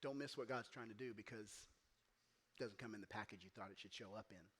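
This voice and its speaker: This pastor's lowish voice is fast with a breathy edge as he preaches in church. He narrates a story with animation, acting out the voices within it and becoming loud and emphatic.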